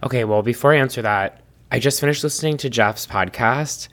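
A man's voice: mid-range voice, brisk, fairly bright tone. Rambling male podcast co-host. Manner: rambling, with many ums and likes. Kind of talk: casual chat.

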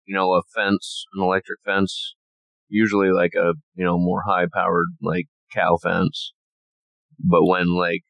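A man with a very low voice chats casually as a podcast co-host. He explains in halting bits full of fillers, and his voice sounds dry and close. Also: monotone, fairly bright tone, no echo, poor audio. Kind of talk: casual chat.

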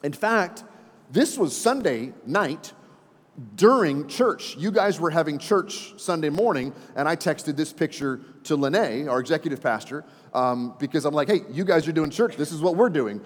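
A pastor in his forties, with a slightly high voice at normal speed, preaches a sermon in a church sanctuary. He's an animated storyteller who tosses folksy, chatty asides to the congregation, and the hall is reverberant.

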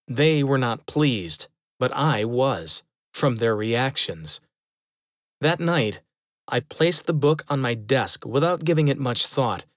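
A man telling a first-person eerie story in a measured, steady way, slowing down at tense moments. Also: medium pitch, no room sound, clean studio sound.

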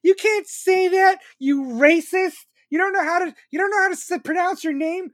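A man mimicking a shrill, offended woman politician. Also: normal speed, no echo, clean studio sound. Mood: mocking outrage. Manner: mocking, scolding.

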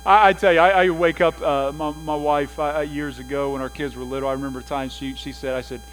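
Middle-aged male pastor, slightly high voice, animated sermon delivery with comic voices; faint hum on the recording. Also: fairly quick, rough recording. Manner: animated storytelling, mimics voices for laughs.

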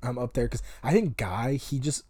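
A man's voice: mid-range voice, moderate pace, dark tone, dry recording. A young man in casual chat, easygoing and chatty, swearing casually. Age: young adult.

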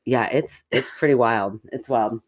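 Low-voiced rambling woman chatting. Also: measured pace. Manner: rambling, lots of "like" fillers. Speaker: podcast co-host. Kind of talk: casual chat.

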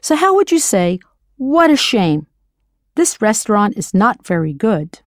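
Woman, language teacher, scripted lesson, patient, spells out words, animated pitch, dry sound. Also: measured pace, no room sound.

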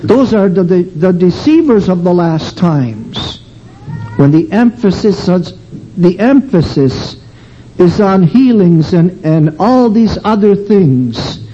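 A man preaching a sermon, slow and emphatic, drawing out his phrases. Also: sits high, big pitch swings, warm tone. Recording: dull lo-fi recording with faint hum.

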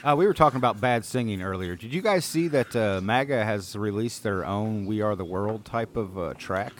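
A man's voice: lowish voice, normal speed. A man co-hosting a podcast, chatting casually and cracking teasing jokes. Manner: joking, teasing. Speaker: podcast co-host. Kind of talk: casual chat.

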